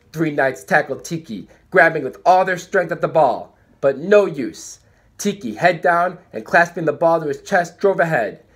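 A man reading a children's book aloud with animated, dramatic pacing. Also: a little high, husky. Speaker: storybook reader.

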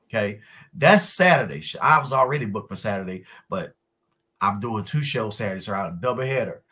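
A man, chatting as a guest in an interview, relaxed and pausing with fillers. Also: on the low side, breathy edge. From North Carolina, USA. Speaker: guest musician. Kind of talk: casual interview chat.

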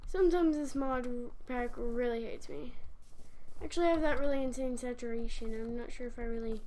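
A woman's voice: on the high side, a little fast, darkish tone. A woman hosting a gaming channel, chatting and apologizing to viewers while she plays. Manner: chatty, apologetic, talking to herself while playing. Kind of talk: casual game commentary.

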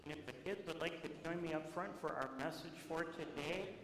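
A man, a pastor giving a playful children's message in a church, speaking gently with many fillers. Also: on the high side, steady tone, fairly quick. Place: church sanctuary. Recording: echoey church with room noise.

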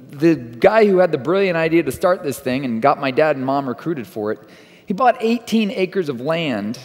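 Casting: man from Texas, pastor, relaxed chatty sermon, a bit high, big church reverb. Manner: casual, conversational storytelling with restarts. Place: church auditorium. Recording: long reverb of a church hall.

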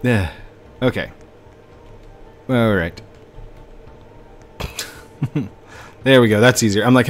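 A man's voice: mid-range voice, very slow, long pauses, slight background noise. A young man streaming a game live, playful and joking with friends. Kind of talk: casual gameplay live stream.

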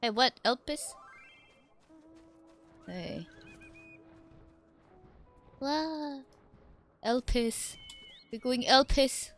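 A woman streaming a game, laughing and swearing in breathless excitement. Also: high-pitched, extremely slow, long pauses, faint music behind. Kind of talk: excited gaming stream chat.

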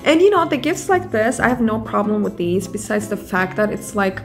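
A woman's voice: mid-range voice, sing-song, normal speed, faint music behind. A young woman hosting a comedic vlog, rambling, sarcastic and casually profane. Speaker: vlogger.

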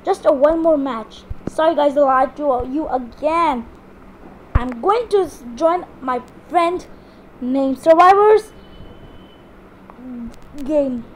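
A woman hosting her own gaming channel, giving excitable live commentary on a match and repeating phrases in sudden bursts. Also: sits high, slow, long pauses, slight background noise, rough recording.

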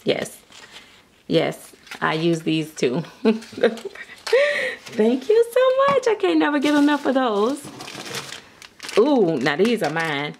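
A woman talks through an unboxing in an unhurried, drawn-out way, giggling and gasping as she goes. She sounds nervous and jittery with excitement. A faint hiss of noise sits under her voice. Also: fairly low pitch, gravelly. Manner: excited, giggly, breathless gasps. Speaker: vlogger. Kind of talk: unboxing vlog chat.

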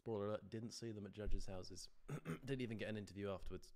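A man's voice: lowish voice, fast talker, very noisy. A man streaming a reaction to his own stand-up performance, talking casually, self-deprecating and laughing often.

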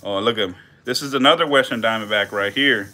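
A young man, giving loud, profane, laughing commentary as a channel host on a casual live stream. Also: on the low side, fast talker. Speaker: channel host feeding snakes.

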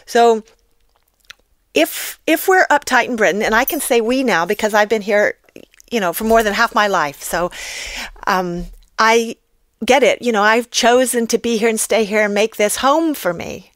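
A woman's voice: medium pitch, normal speed, a bit bright, no room sound, studio quality. An American woman talking as a podcast guest, explaining ideas in a reflective way. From United States. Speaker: guest expert. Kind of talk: podcast interview.

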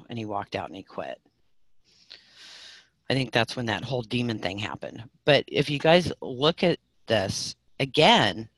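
A middle-aged woman teaching a live online spiritual class, telling stories with big swings between loud and soft. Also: rumbling low, no echo.

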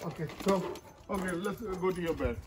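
A man's voice: high voice, moderate pace, noisy background. A man at home talking casually to his dog and the camera, coaxing and repeating himself, laughing often, with non-native grammar. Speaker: dog owner vlogger.

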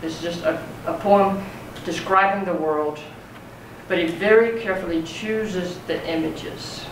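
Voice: mid-range voice, fairly even intonation, a little slow. A poetry teacher giving a conversational classroom lecture, often checking in with the students. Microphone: far from speaker. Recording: roomy classroom, mic far off, faint noise.

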